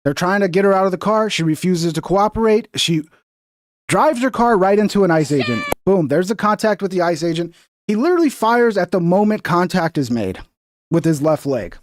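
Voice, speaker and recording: A man's voice: animated, a little fast, slight background noise. Heated, profane male streamer. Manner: profane, heated, mocking quotes in a high voice. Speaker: political commentary streamer. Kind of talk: heated livestream commentary.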